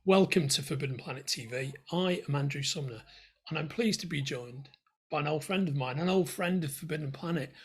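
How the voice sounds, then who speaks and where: A man's voice: a little high, husky. A man hosting a video interview, chatty and enthusiastic, calling his guest mate. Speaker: host.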